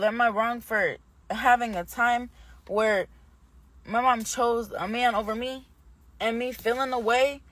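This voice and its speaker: A young woman vlogging, telling a personal story in a rambling, candid way, often indignant. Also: mid-range voice. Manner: grows heated and indignant. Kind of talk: casual storytime monologue.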